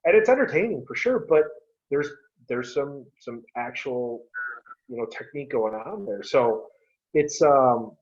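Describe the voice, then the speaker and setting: A man's voice: mid-range voice, expressive, a little slow, a little mellow. A man speaking as a podcast guest, talking loosely with trailing phrases and lots of fillers. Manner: loose, trailing phrases full of "you know". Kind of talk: casual podcast chat. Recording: dull lo-fi sound.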